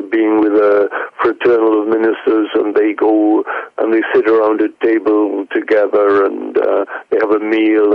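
A man speaks as a radio guest, preaching emphatically, his pitch leaping up on the points he stresses. His voice has a gravelly edge. The sound is dull and lo-fi, like a phone line with no room around it. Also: no room sound. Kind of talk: radio call-in answering questions.

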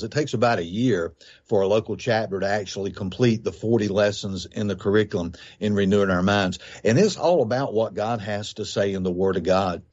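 A man's voice: lowish voice, a little mellow, lo-fi sound. A man who founded a recovery ministry, answering questions on a radio interview in an earnest, explanatory way with fillers and scripture quotes.

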